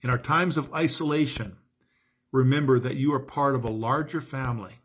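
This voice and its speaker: A man, a pastor, giving a recorded sermon message in an earnest, calm and encouraging way. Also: mid-range voice, moderate pace, husky.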